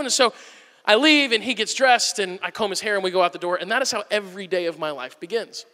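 Preaching in a large, echoing hall, this thirtysomething pastor has a voice that is very high, bright and powerful. He races through animated stories, dramatizing them as he goes, including a staged whisper-yell.

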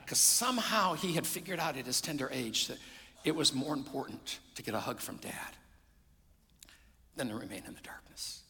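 A middle-aged man, a pastor preaching a sermon, swinging between loud emphasis and hushed near-whispers. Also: medium pitch, creaky. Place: church sanctuary. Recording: long hall reverb.

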